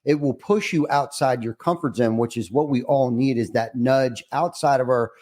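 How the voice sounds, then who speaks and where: A man's voice: mid-range voice, normal speed, a little mellow. A man hosting a casual podcast interview, earnest and reflective, often restarting his words. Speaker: podcast host.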